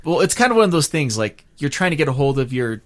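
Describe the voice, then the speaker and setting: A man's voice: a little high, big pitch swings, fast, a bit bright. A man co-hosting a casual film-discussion podcast, rambling with lots of fillers and casual swearing. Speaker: podcast co-host.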